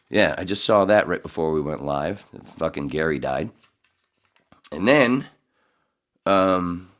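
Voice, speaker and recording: A middle-aged man hosting a podcast in casual chat, rambling and swearing, often laughing. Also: rumbling low. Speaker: podcast host.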